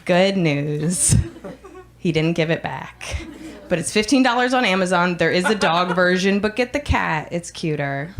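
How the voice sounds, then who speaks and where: A woman in her thirties doing a stand-up set on a club stage, deadpan with dark jokes, laughing at her own lines. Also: lowish voice, unhurried. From United States. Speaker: stand-up comic.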